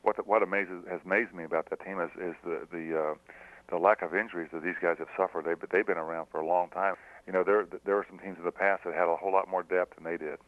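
A middle-aged man, a former pro player now coaching, answering radio callers by phone in a halting way with many fillers. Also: low-pitched, steady tone, dry recording. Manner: soft-spoken and halting, with many fillers and restarts. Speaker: high school basketball coach. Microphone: telephone. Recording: thin phone line.

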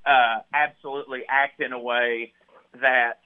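Southern guest author on a phone line. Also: male voice, medium pitch, level tone, a little slow, clear, resonant tone. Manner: earnest, laughs easily, talks with fillers. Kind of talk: casual chat.

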